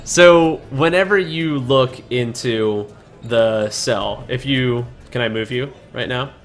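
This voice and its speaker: Man, game master narrating tabletop game, casual, halting, middle pitch, faint music.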